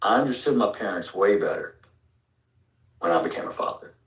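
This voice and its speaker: A man's voice: lively intonation, fairly quick, a bit bright. A father speaking angrily to school officials, bitter and accusing, heard from a distance in a large meeting hall. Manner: bitter, accusing, low and heavy delivery. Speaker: father addressing a school board. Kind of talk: angry public speech. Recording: echoey room picked up from a distance.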